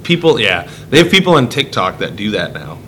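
A man's voice: on the low side, brisk, a little hiss or hum, poor audio. A man co-hosting a podcast in casual chat, telling stories with lots of acted-out quotes. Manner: animated storyteller, acts out quotes in voices. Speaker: podcast co-host.

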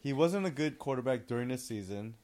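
A man's voice: mid-range voice, lively intonation, a little fast, a little mellow. Man, from the US, podcast co-host, casual chat, dry, argumentative. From United States.

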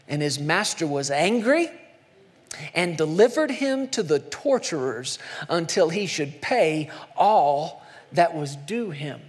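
Impassioned male preacher, high voice, slow deliberate delivery, big hall reverb. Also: breathy edge. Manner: impassioned, swings between soft hushed lines and loud climbs. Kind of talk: sermon.

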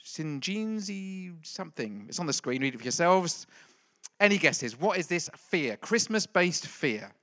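Male pastor, middle-aged, playful teasing delivery, tense bright tone. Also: a little high, animated, normal speed. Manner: playful, jokey, quizzes the congregation. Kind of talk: lively church talk with a quiz.

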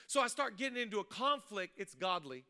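A man, a pastor preaching a sermon, mixing funny stories with loud, rising exhortation. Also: high voice, big pitch swings, fairly quick. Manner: humorous storytelling, building to loud preaching. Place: church stage before a congregation.

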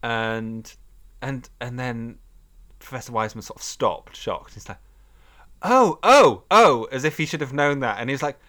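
A man's voice: medium pitch, fairly even intonation, normal speed, a bit bright. A man co-hosting a podcast, telling a story in a casual chat, laughing often and acting out quotes. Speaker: podcast co-host.

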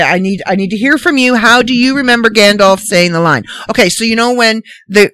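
A woman hosting a casual solo podcast, ranting in an animated, incredulous, rambling way. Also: medium pitch, dry recording. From Canada. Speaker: podcast host.

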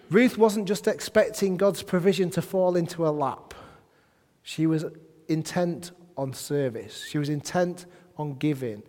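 A male preacher with a fairly high voice delivers an animated sermon in a church hall. He swings from quiet, reflective asides to loud, emphatic bursts. His voice rings with a long hall reverb. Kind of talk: sermon with scripture reading.

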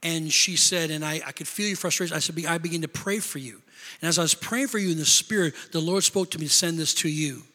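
A middle-aged man preaches in a large church hall, and his bright, ringing voice carries a long reverb. He tells stories, rising to loud bursts, then dropping to a hushed, confessional tone. His pitch sits a little high for a man. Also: quick pace. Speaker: pastor. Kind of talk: sermon.

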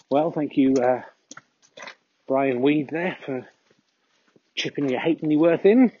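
A man's voice: on the high side, takes it slowly, long pauses, mellow, muffled recording, a little hiss or hum. A man hosting a podcast, rambling dryly and mocking himself while walking his dog outdoors. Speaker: podcast host. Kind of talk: casual walking monologue.

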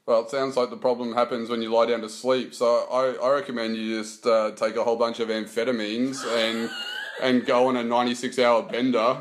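A man's voice: mid-range voice, little pitch movement, brisk. A middle-aged man, co-hosting a casual comedic chat with rambling, crude jokes. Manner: joking, rambling, crude humor. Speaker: podcast co-host.

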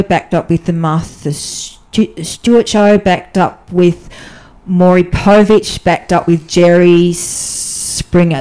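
A woman guest on a podcast, talking candidly and chattily about her life as a diplomatic spouse, often restarting her sentences. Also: clean tone. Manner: animated, often jumps up in pitch when telling stories. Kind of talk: casual podcast conversation.

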